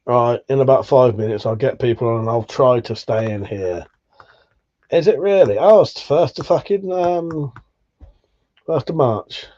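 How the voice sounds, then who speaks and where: Brief: man, livestream host, joking and cursing through chat, warm tone, muffled lo-fi sound. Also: mid-range voice, a little slow. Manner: swearing, joking banter. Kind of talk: casual live chat reading viewer messages.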